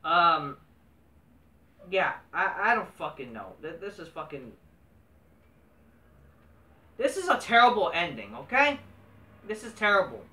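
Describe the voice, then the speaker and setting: A man tears into a wrestling show in a scornful, swear-filled rant. His voice has a sharp, forceful brightness and sits back from the mic in an echoey room. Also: fairly high pitch, big pitch swings, unhurried, long pauses. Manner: profane, scornful ranting. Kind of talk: ranting show review. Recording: roomy echo, distant mic.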